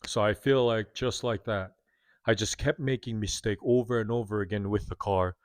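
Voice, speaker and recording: A man's voice: lowish voice, steady tone, moderate pace, no room sound, clean studio sound. A man in his thirties giving a candid, self-critical, earnest confessional monologue to his viewers. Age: 30s. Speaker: vlogger.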